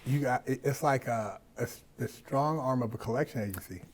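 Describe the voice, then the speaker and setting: A middle-aged man hosting a podcast in casual conversation, animated and profane, acting out the people he quotes. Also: medium pitch, fairly quick, a little hiss or hum. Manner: animated, swears freely, acts out quoted people. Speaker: podcast host.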